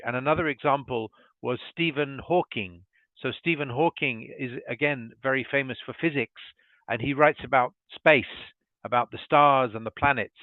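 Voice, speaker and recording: British man, English teacher, slow careful explanations, tinny video-call audio. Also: mid-range voice, no echo. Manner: slow, careful demonstration of each word. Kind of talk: pronunciation lesson over a video call. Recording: thin phone-like call audio.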